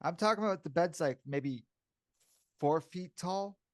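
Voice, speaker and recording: A man's voice: fairly high pitch, measured pace, dry recording, studio quality. A man co-hosting a podcast, talking casually and candidly and calling the other host "bro" and "dude".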